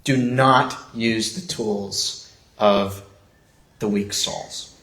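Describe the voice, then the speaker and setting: Chuckling pastor in a roomy church. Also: male voice, on the low side, steady tone, very slow, fairly bright tone. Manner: conversational preaching with frequent chuckles. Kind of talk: sermon. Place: church sanctuary.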